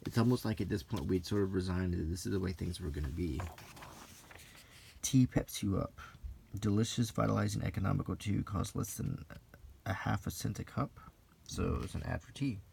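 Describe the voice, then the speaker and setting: Quiet american guy reading old magazine aloud, super gravelly and mellow, faint hiss behind. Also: sits low, normal speed. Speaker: host flipping through an old magazine. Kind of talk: soft-spoken unintentional ASMR.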